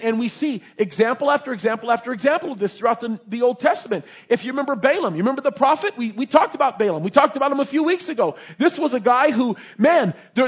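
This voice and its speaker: A male pastor preaching a sermon in an animated, conversational storytelling manner. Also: extremely high pitch, slightly rough. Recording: dull lo-fi recording.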